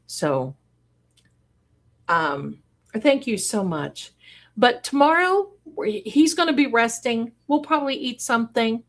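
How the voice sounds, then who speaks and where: Gushing woman livestream host. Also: on the high side. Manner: effusive, gushing over viewers with sudden excited exclamations. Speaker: livestream host and card reader. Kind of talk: casual livestream chat, reading viewer comments aloud.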